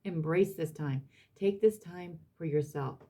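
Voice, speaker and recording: A tarot reader with a deep, mellow voice, speaking a little slowly, reads cards for her audience. She is emphatic and blunt, repeats herself, and swears from time to time.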